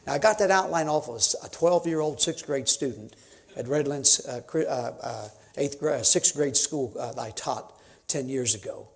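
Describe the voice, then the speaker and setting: A man in his fifties, a missionary, preaches a sermon in a church sanctuary with a mid-range voice at a moderate pace. He starts out folksy and conversational, then builds to emphatic preaching.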